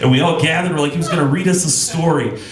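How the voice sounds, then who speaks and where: A young man delivers stand-up on a theater stage with a slightly high voice. The room rings around him, and a packed crowd roars with laughter behind every beat. His storytelling is deadpan, with sudden animated voices. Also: fast talker. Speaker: stand-up comedian. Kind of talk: stand-up comedy set. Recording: roomy live theater with loud crowd. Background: audience laughter.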